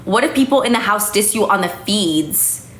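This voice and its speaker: A young woman chats casually on a phone live stream, slightly tipsy, words tumbling out full of fillers and the odd swear. Her voice sits at a middle pitch. The room around her is echoey, with a faint hiss of noise behind. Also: animated, normal speed, a bit bright. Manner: chatty, lots of "like", swears freely. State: a little tipsy. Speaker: livestream host.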